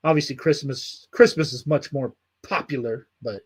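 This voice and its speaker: A man's voice: medium pitch, normal speed, slightly rough. A man hosting a livestream, chatting casually and reading out viewer comments, with loose, heavily profane talk. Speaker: livestream host.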